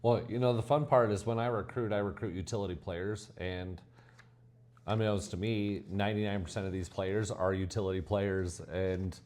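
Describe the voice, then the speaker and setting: Enthusiastic low-voiced coach, a man. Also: steady tone, moderate pace, darkish tone. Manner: enthusiastic, praising. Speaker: volleyball head coach. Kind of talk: interview answers.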